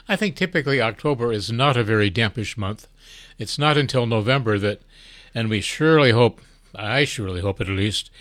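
An older man hosting a casual chat, talking in a chatty, wry and unhurried way. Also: medium pitch, a bit bright, no echo. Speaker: host.

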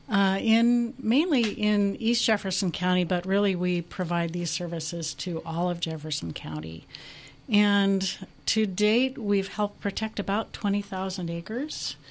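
A woman, a conservation director guesting on a local radio show, explaining her organization clearly and warmly. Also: medium pitch. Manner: clear, informative, friendly. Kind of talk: radio interview. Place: radio studio.

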